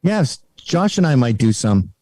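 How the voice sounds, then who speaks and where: Mellow-voiced man, blunt and matter-of-fact. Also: medium pitch, big pitch swings, a little slow, no room sound. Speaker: comedian guest. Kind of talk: casual podcast chat.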